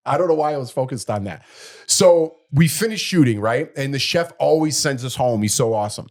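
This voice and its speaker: A man's voice: mid-range voice, quick pace. A middle-aged man, a podcast co-host, telling a story in casual chat and acting out the people in it. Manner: animated storyteller, acts out quoted people.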